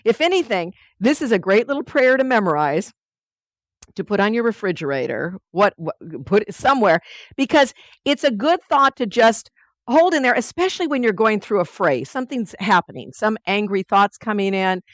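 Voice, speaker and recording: Lively woman leading a study group. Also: medium pitch, moderate pace, no room sound. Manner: lively and conversational, with playful asides. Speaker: spiritual study group leader. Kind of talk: teaching a weekly study group.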